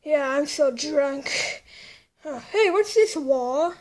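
A woman's voice: high-pitched, animated, slow pace, darkish tone. A young woman doing playful childlike voices in a homemade play, shifting between several characters.

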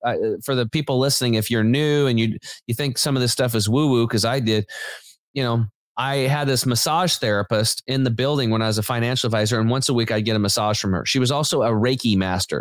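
A man's voice: mid-range voice, dry recording. A man as a podcast guest telling a personal story in a loose, rambling way, full of "like" and restarts, with casual slang. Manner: rambling and animated, many fillers and restarts; informal, says "dude" and "like". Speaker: podcast guest, health company founder.

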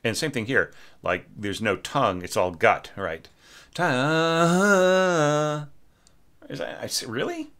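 A man's voice: deep voice, normal speed, sharp tone. A man teaching orchestration, giving a casual spoken critique of a student's score, thinking aloud with hesitant restarts. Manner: sings short phrases on nonsense syllables.

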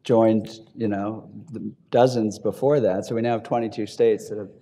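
Panelist, man, mellow voice, lively anecdotes in a ballroom. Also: lowish voice, slight background noise. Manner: animated storyteller, quick asides and chuckles. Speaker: panelist, advocacy group leader. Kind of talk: panel discussion. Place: hotel ballroom.

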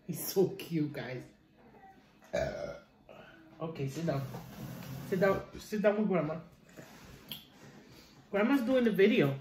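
A woman's voice: lowish voice, sing-song, slow, long pauses, darkish tone. A middle-aged woman chatting casually to her viewers while eating, calling them "guys" as she talks. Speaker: mukbang vlogger. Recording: roomy room with faint noise.

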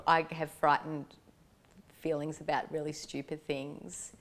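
A middle-aged Australian woman, chatty and self-deprecating, answering quick questions as an interview guest. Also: low voice, level tone. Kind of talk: casual chat.

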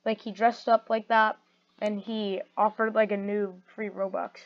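A woman's voice: mid-range voice, level tone, a little slow. Woman, casual rambling game commentary, giggly, dull muffled audio. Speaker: narrator and commentator. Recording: muffled lo-fi recording.

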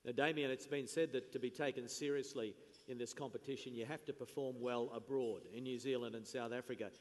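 A man's voice: mid-range voice, fairly even intonation, fairly quick, darkish tone. A man hosting an on-stage interview at an awards lunch, with an upbeat, jokey presenter manner. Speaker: event MC and interviewer. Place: large function hall at a lunch event. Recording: long reverb in a big hall, faint room noise.

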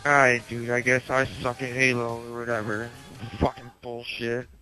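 A man's voice: medium pitch, level tone, normal speed, soft background music, low-quality recording. Sneering man hurling insults. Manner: sneering insults, bursts of shouting. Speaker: gamer leaving a voice message. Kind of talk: insulting voice message.

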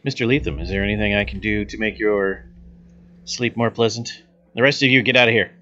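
A man's voice: on the low side, brisk, bright, forceful tone, lo-fi sound. A man voicing a curt male ship captain giving orders to his crew. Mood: commanding.

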